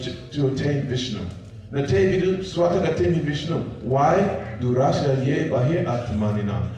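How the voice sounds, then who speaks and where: A man's voice: high-pitched, a little mellow. A man preaching, retelling a scripture story and checking in with his listeners. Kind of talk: sermon storytelling. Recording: very echoey hall, distant mic.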